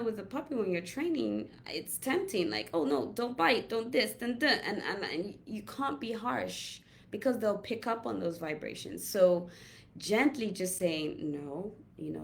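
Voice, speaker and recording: Gentle, reflective woman coach, lowish voice. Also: slight background noise. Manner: gentle, reflective, drawn-out pauses. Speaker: holistic health coach. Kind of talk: casual inspirational talk.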